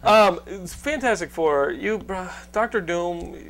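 A man hosting a podcast in casual chat, animated and teasing his guests. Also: high-pitched, measured pace, vocal fry. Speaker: podcast host.

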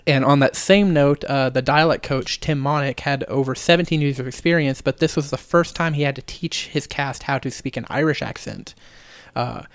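A man co-hosting a casual movie podcast, sharing trivia and swearing freely in relaxed chat. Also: medium pitch, moderate pace, clean tone, no echo. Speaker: podcast co-host.

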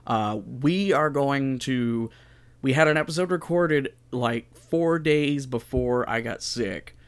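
A man's voice: medium pitch, slow, clear, resonant tone. A man hosting a podcast in casual banter, joking and self-mocking as he catches listeners up. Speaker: podcast host.

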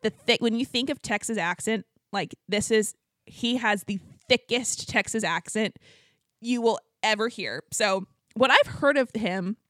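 A woman co-hosting a podcast, telling a story in a fast, animated way with lots of filler words. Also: on the high side, dry recording. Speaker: podcast co-host. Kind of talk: casual storytelling chat.

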